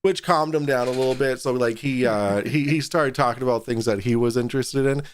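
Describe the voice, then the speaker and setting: A man's voice: mid-range voice, fairly quick, dry recording, clean studio sound. A man chatting as a guest on a talk show, hesitant and full of restarts. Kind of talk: casual chat.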